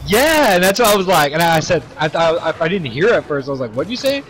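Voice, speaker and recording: A man's voice: a little high, animated, fast, fairly bright tone. A young man telling a story in casual chat, rambling with lots of fillers and swearing.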